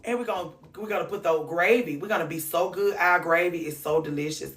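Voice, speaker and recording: A woman hosting a comedic monologue, ranting in a sassy, animated way with mock-sweet asides. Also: lowish voice, a little fast, distant mic. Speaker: host.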